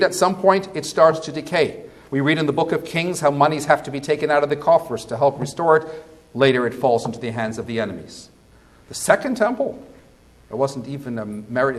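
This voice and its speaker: Rabbi preaching with rhetorical questions. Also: male voice, on the high side. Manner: swings between quiet and loud. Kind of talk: sermon.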